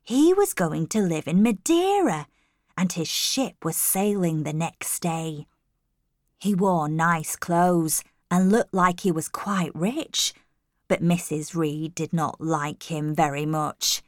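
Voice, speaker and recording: A woman's voice: lowish voice, lively intonation, slow pace, darkish tone, no room sound, studio quality. A woman reading a story aloud and voicing a former servant who confides news in an earnest way. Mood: confiding.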